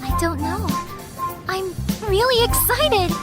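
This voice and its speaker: An earnest, very high-voiced girl. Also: expressive, slow pace, loud music behind the voice, full character voice. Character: friendly, earnest young female musician. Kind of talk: game voice acting.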